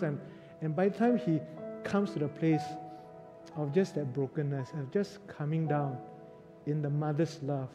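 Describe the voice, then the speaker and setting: A man preaching a sermon as a pastor, telling a story in an animated way and laughing often, in a church hall with faint music. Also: a little high, normal speed.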